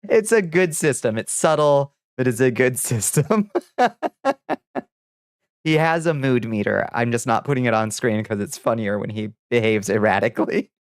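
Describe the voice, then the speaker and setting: A man's voice: mid-range voice, lively intonation, normal speed, clear, resonant tone, no echo, clean studio sound. A man streaming live, chatting casually with viewers, laughing often and swearing offhandedly. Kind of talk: casual livestream chat.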